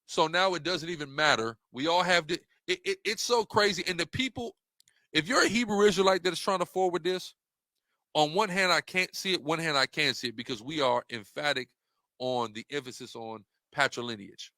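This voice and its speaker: A man's voice: on the high side, brisk, pushed and bright, dry recording, clean studio sound. A man giving an impassioned, rhetorical monologue while walking through slides, repeating questions for emphasis. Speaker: religious debater presenting slides.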